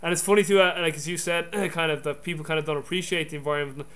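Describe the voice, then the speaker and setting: A man's voice: on the high side, fairly even intonation, quick pace, a bit bright, clean tone. A man hosting an interview, asking questions and responding in an eager, casual way. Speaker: podcast host.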